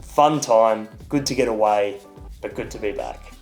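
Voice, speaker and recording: A man's voice: lowish voice, measured pace, darkish tone, soft background music. A young Australian man narrating a casual travel vlog, chatty and upbeat with playful asides. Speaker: vlogger and podcast host.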